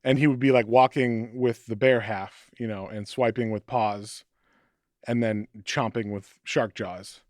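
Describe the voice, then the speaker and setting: A man casually retelling a comic book's plot in a podcast chat, acting out lines in quick quoted bits. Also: lowish voice, no echo, studio quality. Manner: animated storytelling, acting out quotes. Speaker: podcast co-host.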